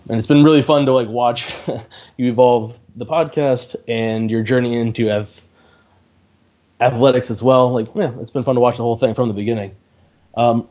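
A man's voice: mid-range voice, warm tone. A man chatting as a guest over a video call, easygoing and friendly. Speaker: podcast guest. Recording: dull lo-fi call audio.

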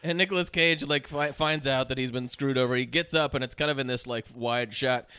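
A man co-hosting a film podcast, recounting movie scenes in casual chat and shouting out lines he quotes. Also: mid-range voice, a little fast, clear, resonant tone, no echo, clean studio sound. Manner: animated retelling, mimics shouted lines. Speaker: podcast co-host.

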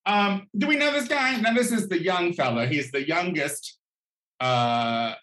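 This vlogger, a man with a high voice, launches into a sassy, profane comedic rant that's campy and packed with exaggerated outbursts. His pace is measured and his tone sharp, and the echoey room adds reverb.

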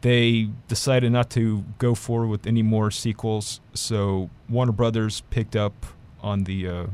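A man's voice: on the low side, flat delivery, a little slow, a little mellow, clear, resonant tone. A man reviewing films in a casual chat, rambling with many fillers and restarts. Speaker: film critic.

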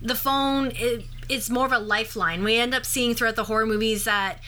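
A woman's voice: a little high, steady tone, a little fast, pushed and bright. A woman co-hosting a podcast in casual conversation, talking through her points with restarts and self-corrections. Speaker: podcast co-host. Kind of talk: casual chat.

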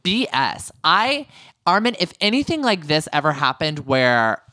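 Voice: medium pitch, very animated, a little slow, bright, forceful tone, no room sound, studio quality. A podcast co-host chatting casually and opinionatedly in a reality-TV recap, with jokey asides.

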